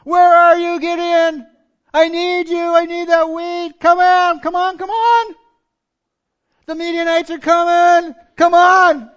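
A man playing a frantic father who shouts and nags for his son in a sermon. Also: extremely high pitch, flat delivery, takes it slowly, pitched above the performer's own voice, full character voice. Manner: urgent, nagging calls. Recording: dull lo-fi recording.

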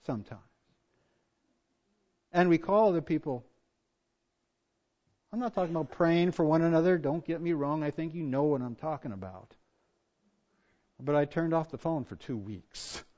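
A pastor preaching a sermon, swinging from hushed asides to loud emphatic points. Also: male voice, on the high side, animated, moderate pace, long pauses. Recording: dull lo-fi church recording.

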